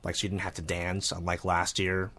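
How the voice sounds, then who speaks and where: A podcast co-host in casual chat, talking in an unhurried way with halting fillers and bursts of laughter. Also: deep voice, completely flat delivery, fairly bright tone.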